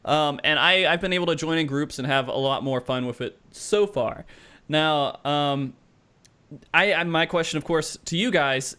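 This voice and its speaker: A man's voice: on the high side, normal speed, bright, forceful tone, clear, resonant tone. A man hosting a gaming podcast, chatting casually and steering the questions to his guests. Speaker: podcast host.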